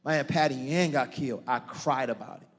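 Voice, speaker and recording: A man's voice: medium pitch, a little fast. A man preaching a sermon as pastor, speaking fervently and directly to his congregation in a church. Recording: long reverb of a church hall.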